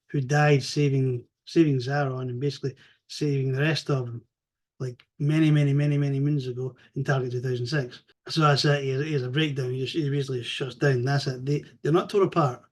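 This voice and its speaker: A man recapping a comic story in a rambling, animated way, swearing freely and acting out the characters' lines. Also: mid-range voice. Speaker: comics reviewer.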